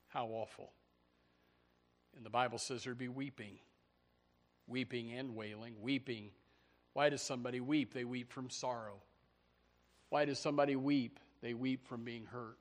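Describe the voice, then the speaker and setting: A man preaching a fiery sermon, swinging from loud shouts to hushed low passages, often stammering and repeating words. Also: normal speed. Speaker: pastor.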